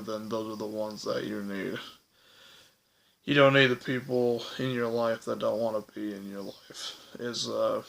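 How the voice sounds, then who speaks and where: A man's voice: medium pitch, vocal fry, pushed and bright, poor audio. A young man talking earnestly to camera in a personal vlog, hesitant and full of fillers. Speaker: vlogger.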